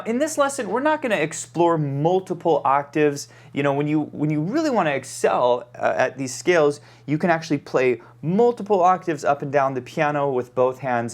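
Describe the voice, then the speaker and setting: A man giving a piano lesson, calling out note names and fingerings as he plays, checking in with the student. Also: fairly high pitch. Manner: calls out note names while playing, frequent "okay?" check-ins. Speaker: piano teacher. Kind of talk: piano lesson, demonstrating at the keyboard. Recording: loud piano playing under the voice.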